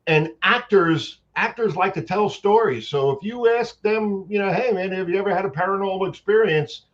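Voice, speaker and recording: A fairly high-voiced man tells animated anecdotes in a loose, rambling way, circling back and restarting his sentences. The sound is dull and lo-fi. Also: moderate pace. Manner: animated, long-winded anecdotes with many restarts. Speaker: guest, actor and paranormal investigator. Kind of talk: casual storytelling chat.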